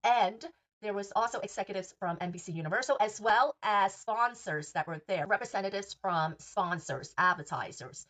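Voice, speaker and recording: A woman's voice: medium pitch, a bit bright. A woman hosting a podcast, recapping reality TV gossip in a sassy, profane and emphatic way. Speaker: podcast host.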